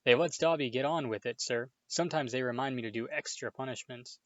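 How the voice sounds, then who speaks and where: A man voicing a small, excitable, servile male house elf with a high-pitched, tearful, overly humble manner. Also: fairly quick, dry recording, close to an everyday voice. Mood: fearful. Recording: dull, dry home recording.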